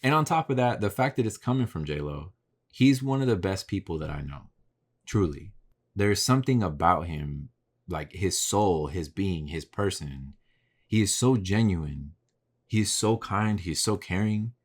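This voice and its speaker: A man's voice: low voice, lively intonation, unhurried. A man hosting his own podcast, talking casually and candidly about his work, swearing freely as he reflects on himself. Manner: candid, profane, self-reflective. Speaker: podcast host. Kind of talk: casual solo podcast monologue. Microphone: podcast mic facing camera.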